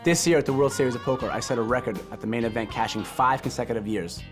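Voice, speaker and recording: A man's voice: medium pitch, fast, over music. A man telling his story in an interview segment. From Boston area, USA. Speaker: poker player.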